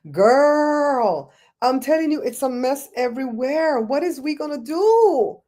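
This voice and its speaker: A Belizean woman hosting a livestream, chatting in a rambling, animated way and answering viewers' comments. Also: high voice, a little slow. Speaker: show host. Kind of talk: casual livestream chat, reading comments.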